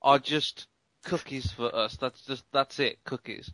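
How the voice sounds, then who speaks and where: A man co-hosting a casual podcast chat, talking quickly and laughing often. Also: medium pitch, very noisy. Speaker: podcast co-host.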